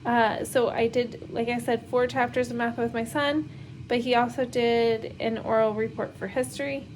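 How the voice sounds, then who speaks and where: On a rough recording with slight background noise, a woman in her thirties, a homeschooling mom vlogger, chats casually while doing laundry at home. Her voice is on the high side and her delivery flat at a moderate pace, rambling with many fillers and nervous laughs.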